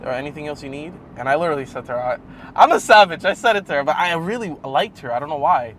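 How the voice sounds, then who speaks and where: A young man telling a casual, rambling story for his fitness vlog. He swears often and gets animated as he talks. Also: on the high side, quick pace, slight background noise. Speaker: fitness vlogger.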